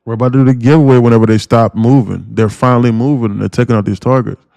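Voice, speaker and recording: A man streams live market commentary in a rough, gravelly voice at a middling pitch. He pushes his points hard, repeats himself and restarts sentences as he goes. The sound is dry and close, with no room echo. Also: fast talker. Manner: animated, repetitive and emphatic, with frequent restarts. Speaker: day trader streaming live.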